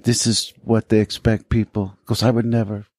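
A man's voice: lowish voice, little pitch movement, moderate pace, a little mellow, no room sound, studio quality. A man co-hosting a podcast in casual chat, rambling through anecdotes and acting out the people in them. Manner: rambling storyteller, acts out quoted people. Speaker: podcast co-host.

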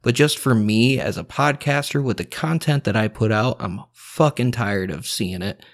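Man, podcast host, mid-pitched voice, profane unscripted rant, blunt and heated. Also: moderate pace, gravelly. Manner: heated, blunt and swearing constantly.

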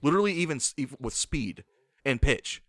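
A man in the middle of his voice retells a film to his co-host with rambling, animated energy. He swears constantly and drops "dude" into his sentences. The sound is dry and close, with no room around it. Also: mid-range voice, brisk, no echo. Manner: animated storyteller, swears a lot, says "dude". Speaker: podcast co-host. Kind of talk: casual chat, retelling a movie.

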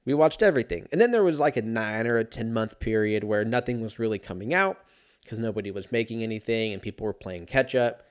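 A young adult man riffing in a rambling, profane, casual comedic monologue, breaking into laughs and sudden shouts. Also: lowish voice, lively intonation, quick pace. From Los Angeles area.

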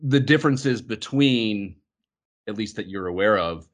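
Man, podcast host, low-pitched, winding casual questions. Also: lively intonation, a little slow. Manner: long winding questions, trailing off.

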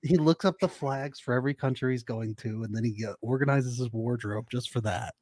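A man's voice: mid-range voice, a little fast, darkish tone, no echo, clean studio sound. A man co-hosting a casual podcast chat, joking and laughing often between his lines. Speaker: podcast co-host.

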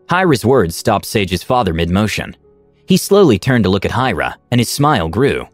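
A man narrating a fantasy story in an expressive, animated reading style. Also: fairly low pitch, fairly quick, no room sound, soft background music.

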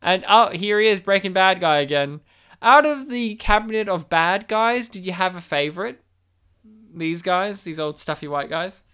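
A man co-hosting a casual movie watch-along podcast, chatty and joking with quick asides. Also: high voice, sharp tone, smooth. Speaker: podcast co-host.

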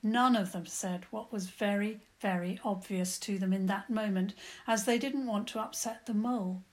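A woman calmly and gently narrating a children's story. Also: mid-range voice, moderate pace.

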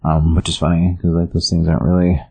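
A man with a very low, husky voice talks through a comic book story in a loose, rambling way. He stumbles and restarts often as he recaps. It is a casual show chat. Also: little pitch movement, fast, mellow.

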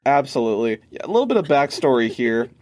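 A man's voice: medium pitch, big pitch swings, fast, a little mellow. A man in his twenties co-hosting a casual podcast, telling a rambling story full of fillers and restarts. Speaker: podcast co-host. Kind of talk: casual chat.

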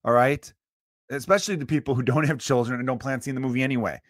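A man from Chicago in his thirties rants alone on his podcast, swearing freely and turning preachy. His voice sits at an ordinary middle pitch. The sound is close and dry, with no room echo. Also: fast talker. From Chicago area. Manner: profane, preachy and animated. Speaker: podcast host. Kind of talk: solo podcast rant.

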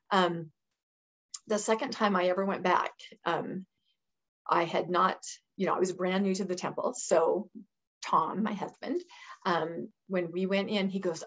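A woman in her fifties, a guest in an interview, telling stories in a lively conversational way and acting out the voices of the people she quotes. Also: mid-range voice. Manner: animated storyteller who acts out quoted voices and laughs often. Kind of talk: conversational storytelling.

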